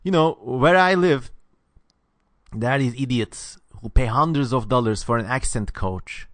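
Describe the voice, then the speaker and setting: A man with a Southeastern European accent, whose first language is not English, answers viewer questions in a lively, opinionated way, with sharp, sibilant consonants. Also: mid-range voice, measured pace, no room sound. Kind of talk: casual Q&A monologue.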